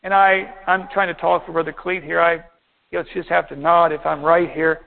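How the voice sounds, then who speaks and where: A man preaching a sermon as pastor, reading verses and explaining them steadily, slowing down to stress key points. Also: a little high, little pitch movement, creaky. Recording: tinny phone-like sound.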